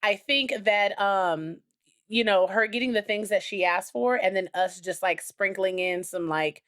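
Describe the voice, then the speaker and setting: A woman co-hosting a married couple's podcast, telling stories in a rambling, animated way with many fillers. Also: medium pitch, a little slow, clear, resonant tone. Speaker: podcast co-host. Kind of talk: casual chat.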